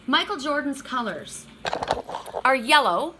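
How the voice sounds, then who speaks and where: A middle-aged woman giving a casual, emotional oracle card reading, excitable and tearful, swearing freely. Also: high-pitched, slow, background noise. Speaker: tarot and oracle card reader.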